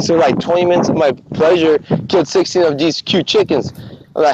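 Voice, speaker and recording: A man on a podcast telling stories in casual chat, animated and swearing a lot. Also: a little high, brisk. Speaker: podcast co-host. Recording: muffled lo-fi recording with faint noise.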